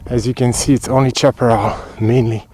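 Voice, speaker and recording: A man's voice: mid-range voice, steady tone, a little fast, dark tone, rough recording. A man from France with a French accent, chatting casually as he films a hiking trail outdoors in the cold, slightly out of breath and muttering asides as he walks. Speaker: hiking vlogger. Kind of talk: casual walking commentary.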